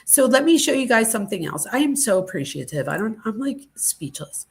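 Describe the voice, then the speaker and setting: A woman hosting a true crime livestream chats casually and gushes with thanks to her viewers, teary and close to crying. Her voice is on the high side, sing-song and creaky, and she talks a little fast.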